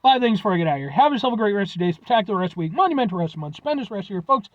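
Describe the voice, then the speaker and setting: A man's voice: sits high, very animated, racing, no room sound, lo-fi sound. A man reviewing snacks on his vlog, rambling and joking, swearing casually as he signs off. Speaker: food review vlogger.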